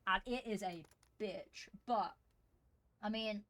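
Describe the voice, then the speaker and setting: This woman speaks slowly at a medium pitch, her tone fairly bright and the audio free of room sound. She's casting an esports qualifier live, rambling casually with filler words and self-deprecating asides.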